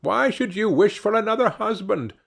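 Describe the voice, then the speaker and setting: A man's voice: high-pitched, lively intonation, normal speed, creaky, breathy edge, voice pushed up, heavily acted. A man doing a blunt travelling fiddler.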